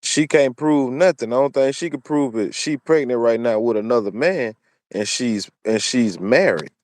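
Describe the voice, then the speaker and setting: Man, opinionated solo commentary, preachy, repetitive, medium pitch, dry sound. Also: moderate pace, darkish tone, dry recording. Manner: repeats phrases for emphasis, preachy. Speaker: commentary channel host.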